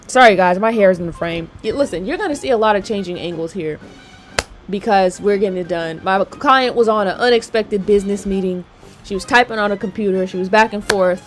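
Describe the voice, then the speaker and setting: A woman's voice: mid-range voice, brisk, faint music behind. A woman nail technician chatting casually while working, slangy and checking in with her viewers. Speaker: nail technician and channel host. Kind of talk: casual chat while doing nails.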